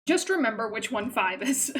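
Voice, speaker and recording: A woman's voice: a little high, big pitch swings, normal speed, poor audio. A woman streamer giving playful, self-mocking commentary while playing a game live.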